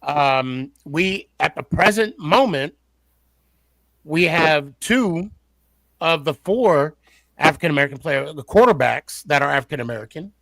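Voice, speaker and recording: Bright-voiced man, halting podcast host. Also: a little high, animated, vocal fry, no room sound. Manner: halting, repeats words while building a point. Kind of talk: casual sports podcast chat.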